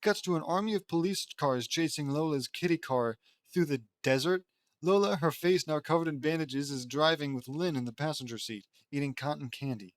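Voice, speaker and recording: A man's voice: fairly high pitch, moderate pace, no echo, clean studio sound. A man reading his own fan fiction aloud in a casual way, stumbling into restarts and amused asides. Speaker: audiobook reader and author.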